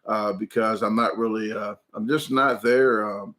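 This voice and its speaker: A man in his forties hosting a casual livestream, talking haltingly with many ums and restarts as he chats and answers viewer comments. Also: on the low side, steady tone, a bit bright. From United States. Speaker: food channel livestream host.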